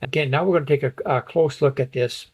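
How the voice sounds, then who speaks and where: A man with a husky, breathy voice at a middle pitch leads a Bible study lesson. He walks through a passage on slides point by point and reads verses aloud as he explains them. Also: fast talker, a little mellow, poor audio. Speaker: Bible teacher.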